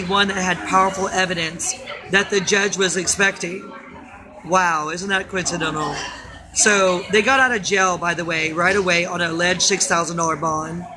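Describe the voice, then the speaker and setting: A woman's voice: mid-range voice, background noise. A woman vlogging into her phone, tired and rambling, with nervous laughs breaking in. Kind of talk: casual phone vlog.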